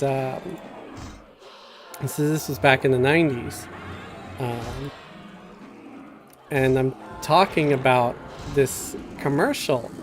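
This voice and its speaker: A man's voice: mid-range voice, slight background noise. A middle-aged man casually telling a rambling story while streaming a game, with many fillers and restarts.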